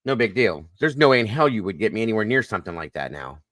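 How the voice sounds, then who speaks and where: Lively man hosting a live stream chat. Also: on the low side, quick pace, dry recording. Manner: animated storytelling, swears lightly.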